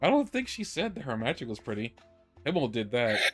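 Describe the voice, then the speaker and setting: A man's voice: medium pitch, big pitch swings, brisk, soft background music. A man co-hosting a podcast, talking through an anime episode in a rambling way, full of restarts and easy laughter. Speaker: podcast co-host. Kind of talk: casual anime review chat.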